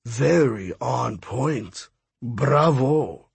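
A man voicing a smug, menacing male god of death, talking in a silky, mocking, pompous way, lower and softer than his reading voice. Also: lively intonation, slow pace, gravelly, husky, dry recording, heavily acted.

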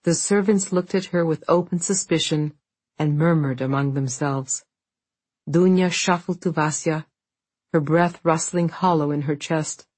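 A woman narrating an audiobook in a measured, steady storytelling manner. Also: deep voice, husky, dry recording.

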